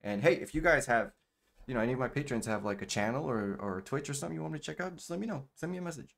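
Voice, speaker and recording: A man's voice: medium pitch, animated, rapid-fire, creaky, a bit bright. A man talks his way through a video game in loose, slangy commentary. He is chatty and swears freely, like hanging out with a friend. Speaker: gaming channel host. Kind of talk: casual gameplay commentary.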